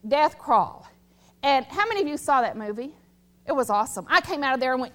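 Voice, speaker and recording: A woman pastor preaching a sermon in a church, emphatic and building to loud exhortation. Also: sits high, lively intonation, fairly quick. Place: church sanctuary.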